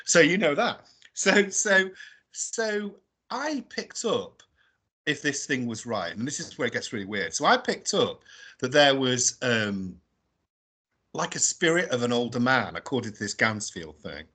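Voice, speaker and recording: A British man, a guest explorer, telling a story casually and in an animated way, often adding tag questions and laughing as he talks. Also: medium pitch, a little slow, husky. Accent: British English. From England. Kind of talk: casual storytelling on a radio show.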